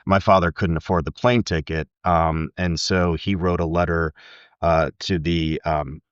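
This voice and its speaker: A middle-aged man with a very low voice speaks in a reflective, candid way, pausing on fillers. The sound is dry and a little dull. He talks as an interview guest. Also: fairly even intonation, clean tone, no room sound. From United States. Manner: thoughtful, candid, with frequent fillers and soft laughs.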